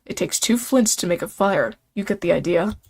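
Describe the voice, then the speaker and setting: A woman voicing a brisk cooking class instructor in a game, giving orders to students. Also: on the low side, animated, a little mellow, slightly rough.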